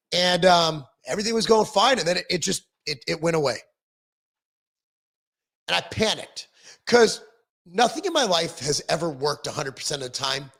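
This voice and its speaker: A man's voice: high voice, vocal fry, fairly bright tone. A middle-aged man hosting a casual livestream, reading viewer comments aloud and answering them in a rambling, self-deprecating way with frequent ums and restarts.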